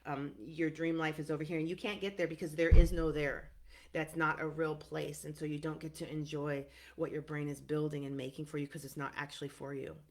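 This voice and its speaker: Low-voiced middle-aged woman therapist. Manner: animated and emphatic, frequent "right?" and "um". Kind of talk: casual teaching monologue.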